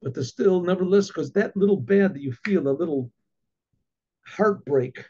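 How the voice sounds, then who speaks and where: A man, a rabbi, telling a story in an animated way, acting out the dialogue with many restarts and asides. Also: high voice, moderate pace, slight background noise. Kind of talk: storytelling talk. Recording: dull lo-fi recording.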